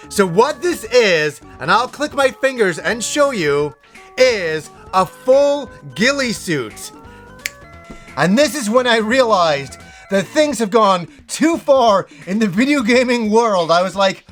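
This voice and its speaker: A man hosting a casual vlog, telling a story with animated delivery and acting out his own reactions. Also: high voice, measured pace, faint music behind. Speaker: host.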